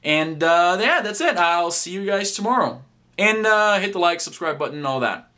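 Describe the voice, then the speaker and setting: Bright-voiced man vlogging casually. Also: high voice, animated, moderate pace, a little hiss or hum. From Brazil. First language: Portuguese. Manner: chatty and rambling, with frequent restarts and casual swearing. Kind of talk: casual vlog talk to camera.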